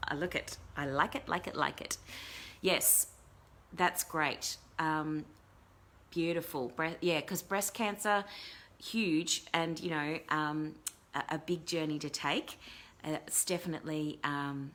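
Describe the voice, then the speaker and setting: A woman's voice: low voice, measured pace, a bit bright. A middle-aged woman hosting a casual talk show as a life coach, chatting in a rambling way with many fillers and restarts. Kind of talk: casual live-stream talk.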